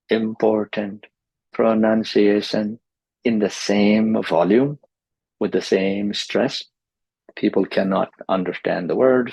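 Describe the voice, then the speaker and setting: Man, teacher, husky voice, lively pitch, patient explaining, dry dull recording. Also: dry recording. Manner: explains patiently, models words with exaggerated stress. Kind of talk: pronunciation lesson.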